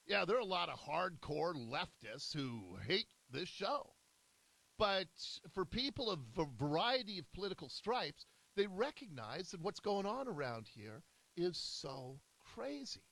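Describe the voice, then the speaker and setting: Animated male talk radio host. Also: sits high, no echo, poor audio. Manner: animated, emphatic, indignant. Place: radio studio.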